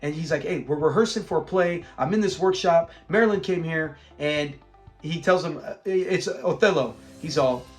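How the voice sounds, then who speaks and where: A man's voice: fairly high pitch, normal speed, faint music behind. A middle-aged man casually reviewing a sitcom episode, retelling scenes with laughter. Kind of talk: casual commentary.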